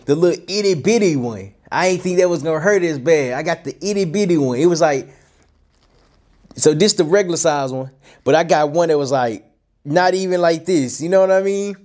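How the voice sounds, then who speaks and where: A man telling a childhood story in a casual, animated way, often restarting and repeating himself. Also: on the high side. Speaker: host. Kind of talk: personal storytelling talk.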